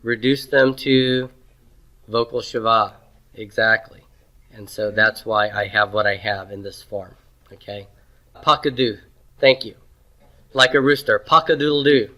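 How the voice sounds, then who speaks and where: Teacher: man, bright tone, quizzes the class and cracks folksy jokes. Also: lowish voice, fairly even intonation, a little slow, long pauses, poor audio. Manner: drills pronunciation, asks the class questions, folksy jokes. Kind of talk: classroom lecture.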